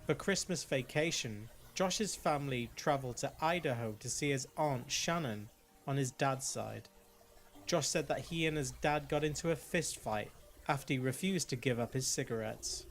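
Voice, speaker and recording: A man's voice: medium pitch, normal speed, a little hiss or hum. Man narrating in a dry mocking tone. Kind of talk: scripted documentary narration.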